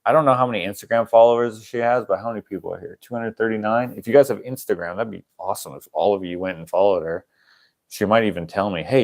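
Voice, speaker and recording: Low-voiced man rambling on a livestream. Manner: rambling, chuckles often, acts out quoted people. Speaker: channel host. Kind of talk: casual livestream chat.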